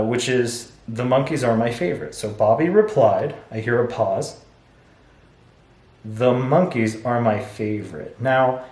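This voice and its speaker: A man teaching an English lesson, explaining step by step and reading example sentences aloud, pausing and correcting himself as he goes. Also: mid-range voice, darkish tone, echoey room. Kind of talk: recorded lesson.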